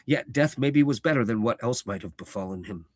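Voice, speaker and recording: A man's voice: mid-range voice, expressive, no room sound, studio quality, close to an everyday voice. A man doing Elrond, solemn ancient elf lord. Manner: slow, stately, elevated delivery.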